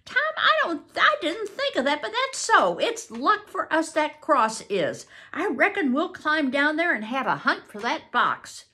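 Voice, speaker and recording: A ragged, superstitious boy, played by an older woman reading aloud, his voice climbing higher than the narration. He speaks slowly, with lively swoops of pitch. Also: heavily acted. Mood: relieved.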